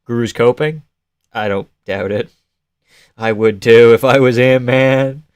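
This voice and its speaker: Young male streamer, relaxed and chatty, mid-range voice, dry close recording. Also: mid-range voice, a little slow, clean tone, dry recording. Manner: laid-back, laughs often, swears casually, reads chat aloud. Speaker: live-stream host. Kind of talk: casual live-stream chat.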